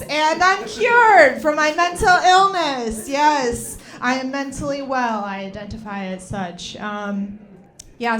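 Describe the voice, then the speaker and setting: Deadpan woman doing stand-up. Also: on the high side, slight background noise. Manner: deadpan, self-mocking, slightly disgruntled. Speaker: stand-up comedian. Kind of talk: stand-up set. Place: comedy club stage.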